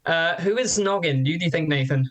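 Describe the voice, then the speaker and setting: British comic guy, bit high voice, lots of um and uh trying to remember stuff. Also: a little fast, fairly bright tone. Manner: hesitant, thinking aloud with many ums. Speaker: comedian panelist. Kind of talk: comedy panel game banter.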